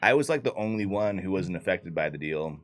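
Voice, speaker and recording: Deep-voiced man recapping a game, swearing. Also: animated, a little fast, soft background music. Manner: loose and profane, with frequent fillers. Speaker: player recapping the campaign. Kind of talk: casual recap of a tabletop game.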